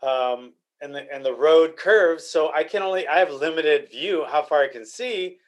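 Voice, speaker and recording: A man's voice: on the high side, moderate pace. An older man hosting a casual podcast, talking in a blunt, rambling, repetitive way. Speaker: podcast host.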